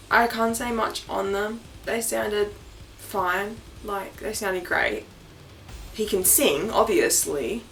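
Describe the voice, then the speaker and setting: A woman's voice: mid-range voice, gravelly, a little hiss or hum. Chatty young Australian woman vlogger. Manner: chatty and excitable, laughs often, swears casually. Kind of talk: casual chat.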